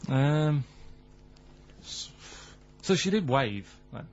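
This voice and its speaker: A man with a Manchester accent, deadpan and rambling as he tells odd stories in studio banter. The recording is dull and lo-fi, with a faint hum underneath. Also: fairly high pitch, drawn-out words. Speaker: radio show regular. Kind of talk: radio comedy banter. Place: radio studio.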